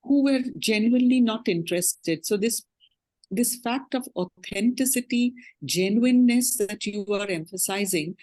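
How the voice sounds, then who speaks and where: A woman's voice: a little high, mellow. Woman, teacher, earnest, reflective, panel discussion. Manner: reflective, earnest, speaking from her own experience.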